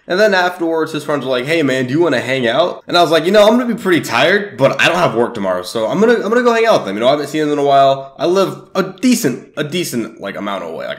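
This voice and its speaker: A teenage boy tells a YouTube audience his life story straight to camera, rambling casually. He swears often, and his pitch keeps swinging up and down.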